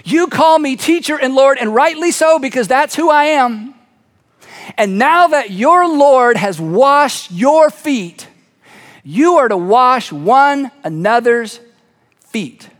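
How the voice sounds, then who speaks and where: A man voicing a patient male teacher who urges his followers to serve, earnest and gently insistent. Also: extremely high pitch, expressive, slow pace, heavily acted. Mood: solemn. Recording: long reverb of a large hall.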